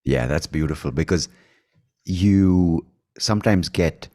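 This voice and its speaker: Indian accent guy hosting a podcast, really low voice, halting and thoughtful. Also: a little mellow. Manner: thoughtful, halting, self-correcting. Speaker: podcast host. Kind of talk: conversational interview.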